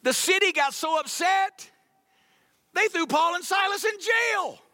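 A man voicing an eager early church member, retelling events in an excited, breathless way. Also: very high-pitched, measured pace, dry recording, studio quality, voice pushed up, exaggerated voice.

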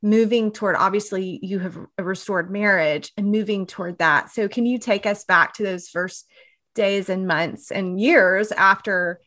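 A woman's voice: medium pitch, measured pace, a bit bright. A woman hosting an interview, asking questions and sharing her own experience in an empathetic way. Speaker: podcast host. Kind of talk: interviewing, casual chat.

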